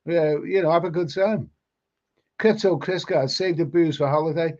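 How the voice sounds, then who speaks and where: Hosting a live stream, a man chats casually and reads viewer comments aloud, often stumbling over and repeating words. His voice sits on the high side, a little mellow, at normal speed, and the audio is lo-fi stream quality.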